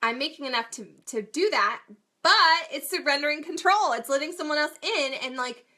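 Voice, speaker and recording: A bright, forceful woman in her thirties chats to her viewers like a friend, self-deprecating and quick to laugh. Her voice sits a little high, and she talks in loose, casual runs. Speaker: mom vlogger and coach. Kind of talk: casual talk to camera.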